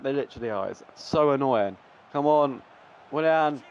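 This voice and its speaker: Brief: young man, gaming commentary, smooth voice a touch high, slightly dull lo-fi mic, veers from groans to cracking cheers. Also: normal speed. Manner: shouts and groans at the match, voice cracks when excited. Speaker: gaming YouTuber. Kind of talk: excitable live gameplay commentary.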